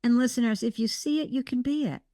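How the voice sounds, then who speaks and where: A woman guest talking in an interview, passionate and emphatic, with animated bursts of enthusiasm. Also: fairly high pitch, fast, no room sound, studio quality. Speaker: guest, startup mentor and podcast host. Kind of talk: conversational interview.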